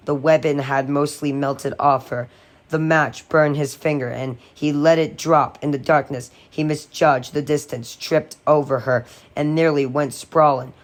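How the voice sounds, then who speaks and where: Guy reading a horror book out loud, steady and dramatic. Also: a little high. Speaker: audiobook reader. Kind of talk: reading a horror novel aloud.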